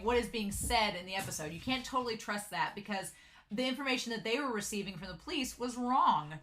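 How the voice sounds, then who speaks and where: A young woman talks through an episode in a casual, gushing recap. Her voice is bright and sharp, and it swings from a low hush to loud, excited bursts. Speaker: anime episode reviewer.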